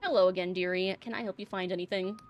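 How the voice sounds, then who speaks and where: A woman's voice: fairly low pitch, fairly even intonation, fast, soft background music, close to an everyday voice. A woman voicing a prim, cagey middle-aged librarian in a game, sweetly polite and calling people dearie. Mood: sweetly evasive. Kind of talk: reading game dialogue aloud.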